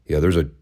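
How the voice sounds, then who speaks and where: A man hosting a wrestling review podcast, talking casually with wry, sarcastic asides. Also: mellow.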